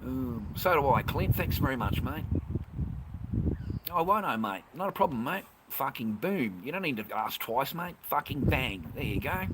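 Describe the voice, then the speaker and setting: A man's voice: mid-range voice, very animated, unhurried. A man chatting casually on a live stream, blunt and rambling, swearing constantly. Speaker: livestreamer. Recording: noisy background hiss.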